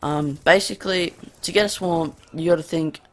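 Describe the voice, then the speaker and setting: A man's voice: a little high, fairly even intonation, moderate pace, fairly bright tone. A man with an Australian accent giving casual, rambling gameplay commentary with many ums, recorded on a cheap desk condenser mic at a home gaming setup. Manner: rambling, hesitant, full of ums. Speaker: gaming YouTuber. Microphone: cheap USB condenser desk mic.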